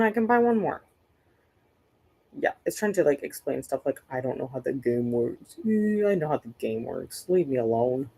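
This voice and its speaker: Young woman, low voice, exasperated profane rambling host of a casual stream. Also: creaky, a little mellow. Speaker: booktube livestream host. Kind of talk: casual chat during a reading sprint stream.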